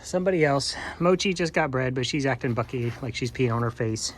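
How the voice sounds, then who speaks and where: A man's voice: mid-range voice, brisk, few pauses, a little hiss or hum. A farmer vlogging in a goat barn, chatting playfully and cooing baby talk at his goats. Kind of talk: casual vlog chat with farm animals.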